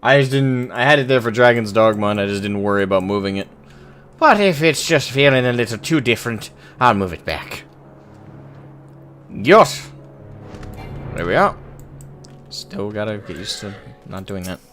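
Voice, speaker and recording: A man's voice: on the low side, lively intonation, normal speed, long pauses, a bit bright, slight background noise. Laid-back male streamer, self-mocking. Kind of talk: casual gameplay commentary.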